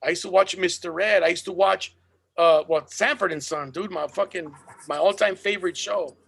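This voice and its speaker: A man's voice: high voice, steady tone, normal speed, creaky, fairly bright tone, breathy edge. A man in casual chat over a video call, rambling and swearing, with bro and dude.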